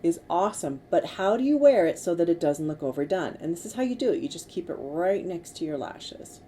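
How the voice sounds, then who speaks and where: A middle-aged woman working as a makeup artist, giving gentle, coaxing instructions to a client during a tutorial. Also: lowish voice, sing-song, brisk. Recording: faint background noise.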